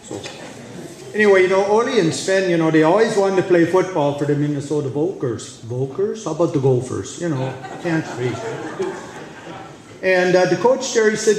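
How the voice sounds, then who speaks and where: A man's voice: on the high side, moderate pace, slight background noise. A man telling a joke to a party crowd, chuckling as he goes. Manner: lively, chuckling through the telling. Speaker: joke teller. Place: party hall. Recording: roomy party hall.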